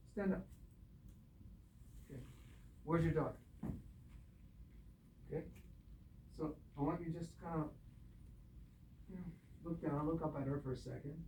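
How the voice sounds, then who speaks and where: A man guiding a student through a scene with patient, step-by-step directions, speaking through a mask. His voice is mellow and even. He sounds far from the mic in a roomy space. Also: a little high, a little hiss or hum. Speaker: acting coach. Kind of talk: directing an acting exercise. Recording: roomy echo, distant mic.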